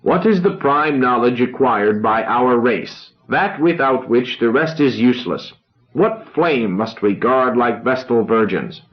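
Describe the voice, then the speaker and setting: A man reading a novel aloud, voicing a grandiose young orator who speaks solemnly with dramatic pauses. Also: medium pitch, expressive, dull audio, lightly acted.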